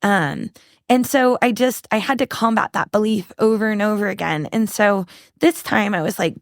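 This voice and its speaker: As a podcast guest, this woman tells candid stories from her life in a halting, earnest way, full of restarts and fillers while she searches for the right phrasing. Her medium-pitched voice is slightly gravelly, recorded close and dry without echo.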